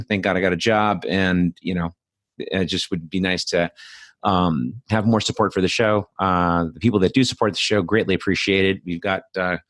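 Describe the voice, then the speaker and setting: A man's voice: sits low, no echo. A middle-aged man hosting his own show, talking alone in a blunt, profane, casual way with lots of fillers. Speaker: podcast host. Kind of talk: solo casual monologue.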